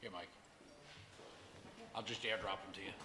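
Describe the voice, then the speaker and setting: A man's voice: low voice, fairly even intonation, normal speed. A man speaking informally at a school board meeting, congratulating a team and introducing students. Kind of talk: meeting remarks. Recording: echoey hall with background noise.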